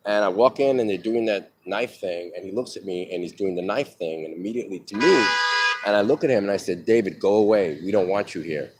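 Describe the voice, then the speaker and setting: A man's voice: on the low side, background noise. A middle-aged man telling a personal story live in a candid, profane, rambling way, outdoors by a street on a phone.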